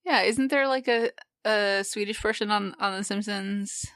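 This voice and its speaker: A woman's voice: medium pitch, normal speed, a bit bright, dry recording, clean studio sound. A woman guest on a podcast, rambling casually with lots of fillers and the odd swear.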